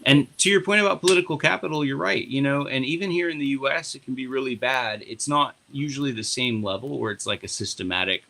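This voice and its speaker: A man, a party board member, telling a long story on a podcast in a casual, animated and profane way. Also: medium pitch, fast, creaky, hardly any pauses, a little hiss or hum.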